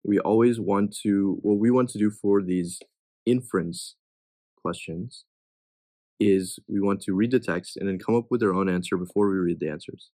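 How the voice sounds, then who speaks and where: A man's voice: fairly low pitch, fairly even intonation, brisk, few pauses, warm tone, no echo. A young man tutoring test questions in a casual way, reading each answer choice and thinking aloud as he rules it in or out.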